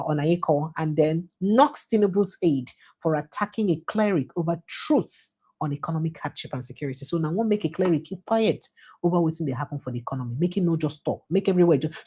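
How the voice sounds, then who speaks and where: Low husky Nigerian woman reading headlines. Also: warm tone. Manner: reads headlines quickly, slips into Pidgin asides. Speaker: news show host. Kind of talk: reading and commenting on newspaper headlines.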